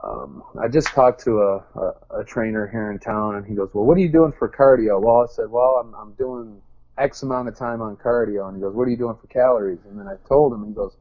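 A man's voice: on the low side, a little fast, dry recording, narrow, tinny audio. A man chatting casually as an interview guest, rambling and joking at his own expense. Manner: rambling, self-deprecating, joking.

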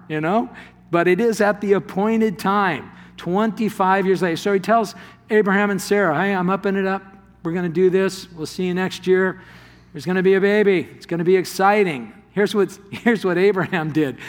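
A male pastor delivers a sermon with a slightly raised pitch, breaking into laughter as he acts out the story's voices. His words ring out through a large hall with a long reverb tail. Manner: animated, laughs often, plays the voices in the story.

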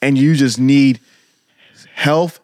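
A man's voice: mid-range voice, steady tone, slow, darkish tone, no echo, clean studio sound. Earnest man co-hosting a faith podcast. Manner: earnest, preachy encouragement. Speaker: podcast co-host. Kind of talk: casual podcast talk.

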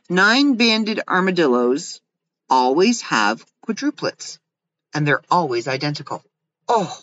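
Woman, casual host, reading fun facts, giggly, jokey, lively swooping pitch, muffled lo-fi sound. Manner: giggly, reads aloud and jokes about each fact. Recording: dull lo-fi sound.

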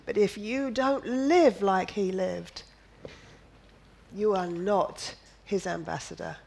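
A woman's voice: medium pitch, creaky, darkish tone, rough recording. A woman preaching a sermon, emphatic and repetitive, firing off rhetorical questions and slipping in playful jokes. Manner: drops in playful asides and jokes.

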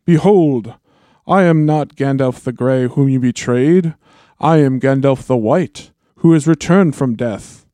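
A man voicing a stern, commanding old male wizard, reading a book passage aloud slowly and deliberately. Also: on the low side, a little mellow, no echo, voice pushed down.

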